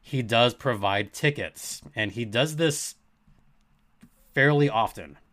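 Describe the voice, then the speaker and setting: A man hosting a hockey podcast in an earnest, emphatic way, leaning on his key points and repeating them. His voice sits at an ordinary middle pitch. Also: takes it slowly, fairly bright tone. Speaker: podcast host. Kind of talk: sports podcast commentary.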